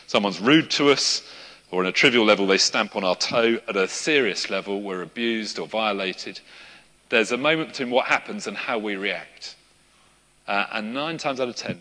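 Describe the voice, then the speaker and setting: Male preacher, bright voice, reverberant hall. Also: on the low side. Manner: conversational, with asides and light laughter. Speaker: pastor. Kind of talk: sermon with a live demonstration.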